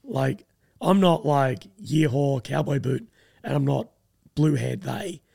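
A man's voice: mid-range voice, expressive, slow, vocal fry, mellow, slightly rough, dry recording, studio quality. A young Australian man chatting casually as a co-host, rambling and hesitant with a sardonic edge. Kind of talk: casual chat.

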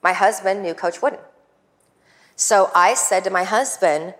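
A woman coach telling a lively personal story, acting out the people she quotes. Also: medium pitch, measured pace. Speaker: guest coach. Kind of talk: storytelling talk.

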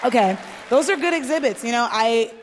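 A woman's voice: fairly high pitch, lively intonation, brisk. A woman co-hosting a live comedy podcast, chatty and wry, rambling through her takes. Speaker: co-host. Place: stage of a live venue. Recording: live hall with reverb and audience noise.

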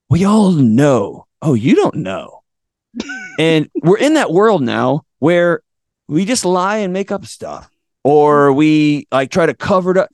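This podcast guest is a middle-aged man whose somewhat high voice carries a darkish tone. He's animatedly recounting a story, performing different voices and chuckling at his own expense, captured in a dry, studio-grade recording.

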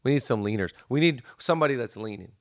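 A man's voice: mid-range voice, lively intonation, no room sound. Man, podcast host, enthusiastic, effusive, dry close sound. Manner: enthusiastic, effusive, quick affirmations. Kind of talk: casual podcast chat.

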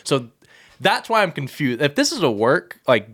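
Fired-up man ranting about wrestling. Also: normal speed. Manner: animated, heated rants that climb in pitch. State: out of breath. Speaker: podcast co-host. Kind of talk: casual wrestling chat.

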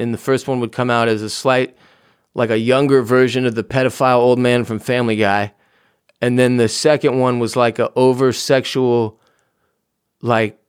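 A man's voice: medium pitch, clean tone, no room sound, studio quality. A man hosting his own podcast alone, rambling casually and jokingly with plenty of swearing from his home office. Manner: rambling, profane, jokey. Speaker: podcast host. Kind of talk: casual solo podcast outro.

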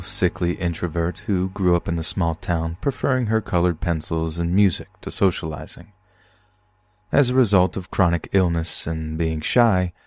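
Deep-voiced man reading a true story. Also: dry recording. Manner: steady, measured first-person reading. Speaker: podcast narrator. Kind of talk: scripted horror story narration.

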